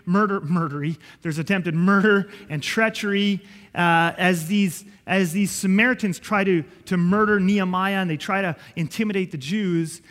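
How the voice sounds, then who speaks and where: A man's voice: high voice, long reverb tail. A man preaching a sermon, emphatic and conversational, often checking in with his listeners. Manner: emphatic, repeats and checks in with "okay?".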